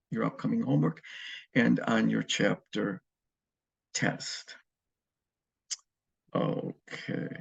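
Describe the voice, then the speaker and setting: Gravelly, husky man teaching Spanish. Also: mid-range voice. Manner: relaxed, explanatory, frequent ums and uhs. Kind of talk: recorded classroom lecture. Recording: muffled lo-fi recording.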